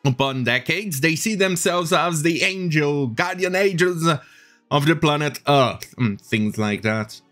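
Guy ranting about the headlines, sarcastic, slow and bouncy pitch, bit of music under it. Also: expressive, fairly bright tone. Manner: mocking, swearing, laughs at the news. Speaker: commentary host. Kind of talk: sarcastic news rant.

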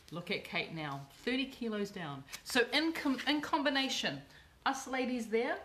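A woman's voice: mid-range voice, fairly bright tone. Gushy middle-aged nz lady hosting a live cooking stream, echoey room, bit of hiss. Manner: effusive, repeats words for emphasis. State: emotional. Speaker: cooking channel host. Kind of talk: live video chat.

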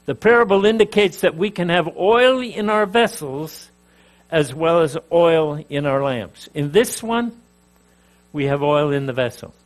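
An older man from Canada teaching a sermon, emphatic, rising and dropping in volume, with asides and jokes to his audience. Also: a little high. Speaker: preacher.

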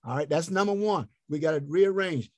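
A man teaching a health ministry group over an online call, slowly spelling out and repeating words as he invites answers. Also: a little high, dry recording, studio quality. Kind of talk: interactive online teaching talk.

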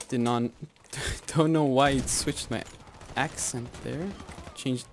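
A young man giving live gameplay commentary as channel host, rambling and often laughing or yelling at the game. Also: mid-range voice, steady tone, takes it slowly, few pauses, a little hiss or hum.

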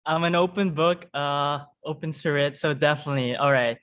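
A man from Suriname, a guest telling stories about himself in casual conversation, expressive and quick to laugh. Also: a little high.

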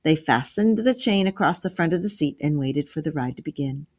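A woman teacher reading a story aloud, then asking and answering review questions in a clear, measured way. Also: deep voice, lively intonation.

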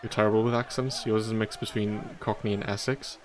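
A man's voice: on the low side, little pitch movement, brisk, a little hiss or hum. A man from northeast England with a Geordie-Mackem accent, chatting casually while streaming a game. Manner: rambling, chatty, laughs often. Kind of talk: casual gameplay commentary.

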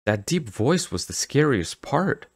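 A man voicing a scared, whiny little boy with high, panicky pleading in an audiobook. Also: very animated, a little slow, no room sound, studio quality. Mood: defensive. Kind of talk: audiobook character voice.

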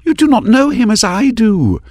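A man voicing a proud young woman in an audiobook, his voice raised high and trembling as she pleads and commands. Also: very animated, normal speed, darkish tone, dry recording, studio quality. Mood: pleading. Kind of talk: audiobook character voice.

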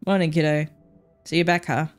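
A woman's voice: low-pitched, flat delivery, brisk, dry recording, faint music behind, close to an everyday voice. A woman voicing a blunt, teasing older nurse in a story game, reading her lines in a dry, matter-of-fact way.

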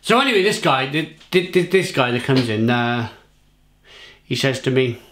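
A man's voice: mid-range voice, animated, moderate pace, a bit bright. A man with a British accent, a beer reviewer and pub manager, swearing and rambling through an angry rant to camera. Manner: sweary, rambling, repeats himself.

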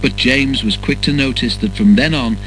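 A man reading a children's story aloud as narrator in a measured, even way. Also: mid-range voice, faint music behind, rough recording.

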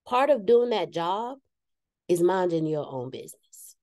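A woman speaks to a gathered group in a candid, self-mocking motivational talk. Her voice is mellow and warm, with a close, dry sound. She sometimes slips into the voices of the people she quotes. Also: on the low side, expressive, a little slow, no echo. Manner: frank and self-deprecating, acts out quoted voices. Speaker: speaker addressing a live group.

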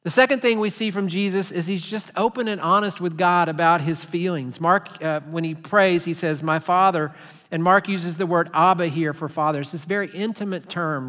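A middle-aged Texan man preaching from the pulpit in an earnest, conversational way. His voice sits high and sounds bright and forceful. A long reverb from the large sanctuary trails behind each phrase. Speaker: pastor. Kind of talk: sermon.

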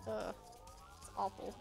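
A woman's voice: medium pitch, warm tone. A woman giving casual gameplay commentary, blunt and swearing freely. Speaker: let's play host.

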